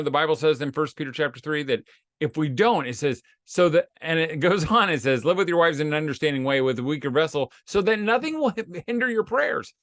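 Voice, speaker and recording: A man's voice: mid-range voice, fairly bright tone, no echo. Folksy man sharing fatherly advice. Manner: folksy and self-deprecating, acts out quoted voices. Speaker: host of a homeschooling tips series for dads. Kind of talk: casual advice talk with personal stories.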